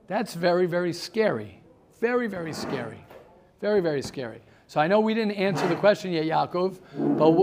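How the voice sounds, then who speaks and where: A man, a rabbi, giving a motivational talk to a small group, telling stories and calling on listeners by name. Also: high voice. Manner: animated storyteller who addresses listeners by name; repeats words for emphasis. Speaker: rabbi leading a seminar.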